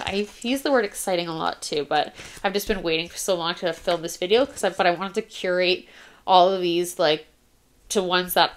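This planner vlogger speaks in a fairly low, fairly bright voice over a slight background hiss or hum. Narrating her flip-through in a casual show-and-tell, the young woman chats away, apologizes, and keeps losing her thread and restarting.

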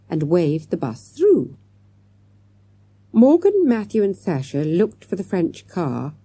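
A woman reading a children's story aloud as an audiobook, in a lively, expressive way. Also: lowish voice, slightly rough, dry recording. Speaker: audiobook reader. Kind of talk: scripted children's story narration.

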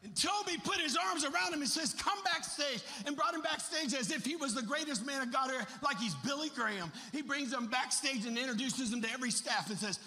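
A middle-aged man preaching a fervent sermon as pastor, rising to shouts at his high points. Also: brisk, few pauses. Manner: impassioned preaching, shouting at climaxes. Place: large church. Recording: echoey church hall.

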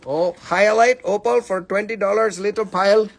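A man hosting a live sales stream, running through prices in an excitable, joking way. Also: sits high, normal speed, vocal fry, hardly any pauses. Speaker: host selling minerals on a live stream.

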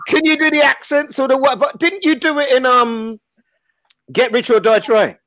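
A man hosting a casual show, joking and teasing his guests with quick restarts. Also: very high voice, sharp tone, slight background noise. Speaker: host. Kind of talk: casual chat on a live show.

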